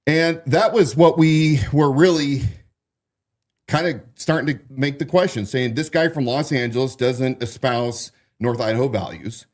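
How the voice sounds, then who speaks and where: A man's voice: mid-range voice, unhurried. A man hosting a political commentary show, talking through accusations in an unscripted monologue, with frequent restarts and fillers. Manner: restarts and fillers, stumbles over explanations. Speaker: host.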